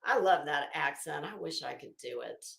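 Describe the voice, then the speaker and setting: Greeting viewers by name, a middle-aged livestream host from Florida chats openly and cusses without restraint in her Florida Southern accent. Her voice sits low with lively intonation and vocal fry, a bit bright, at normal speed, and the room sounds spacious.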